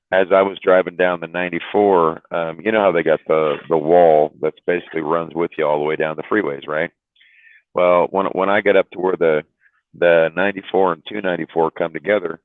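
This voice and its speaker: Deep-voiced trucker on a tinny line. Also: male voice, no echo. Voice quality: deep, drawling, repeats words while telling. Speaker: truck driver telling a story. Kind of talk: casual storytelling, swearing. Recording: dry tinny phone-like line.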